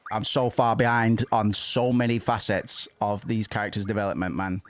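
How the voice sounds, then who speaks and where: A man's voice: on the low side, level tone, normal speed. A man giving casual, irreverent and jokey commentary while streaming a video game. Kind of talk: casual let's-play commentary.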